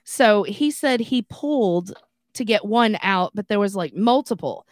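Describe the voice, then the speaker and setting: Animated woman telling a story. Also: mid-range voice, measured pace, no echo, clean studio sound. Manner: animated, laughing, full of fillers. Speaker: podcast co-host. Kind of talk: casual storytelling.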